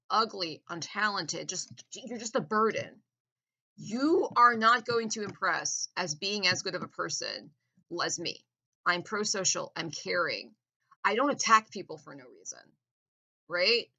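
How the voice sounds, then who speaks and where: A woman talks straight into the camera in a long, rambling rant. Her tone is bright and sharp, and her voice sits low. She sounds contemptuous, circles back to the same points and leaves sentences unfinished. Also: vocal fry. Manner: contemptuous, rambling, repeats herself. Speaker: vlogger. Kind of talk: ranting monologue.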